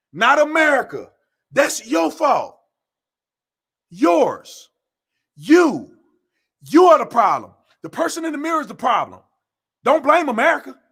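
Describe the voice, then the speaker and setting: A man's voice: very high-pitched, a bit bright, breathy edge. A young adult man giving a blunt, scolding monologue on his own show, with a preacher-like cadence and lots of repeated phrases. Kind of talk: impassioned monologue.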